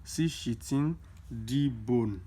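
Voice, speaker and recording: A man's voice: mid-range voice, warm tone, slightly rough. A young man, tutoring students through exam questions in a casual lesson, repeating key points with emphasis. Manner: explains slowly with many repeats, emphatic.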